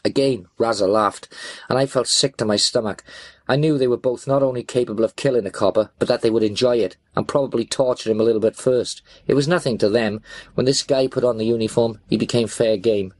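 A man narrates a gritty first-person crime story in a tense, blunt, expletive-laden voice. His pitch sits in a middle range. The recording is close and dry, with no room sound. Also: fairly even intonation, brisk, a little mellow, no room sound. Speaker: audiobook narrator.

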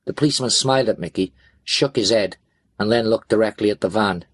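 A man's voice: fairly low pitch, a little fast, no room sound. Gritty man narrating crime fiction. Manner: tense, gritty, expletive-laden. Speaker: audiobook narrator.

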